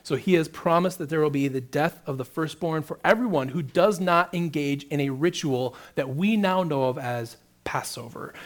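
A man preaching a sermon, reading scripture aloud and then explaining it with rising emphasis. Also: fairly high pitch. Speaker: pastor.

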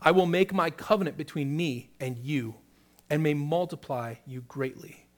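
A man's voice: on the high side, moderate pace. A man preaching a sermon, reading scripture aloud and then explaining it with rising emphasis. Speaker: pastor.

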